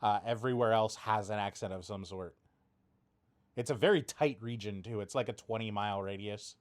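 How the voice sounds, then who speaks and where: A man's voice: fairly low pitch, brisk. Matter-of-fact American man. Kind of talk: casual chat.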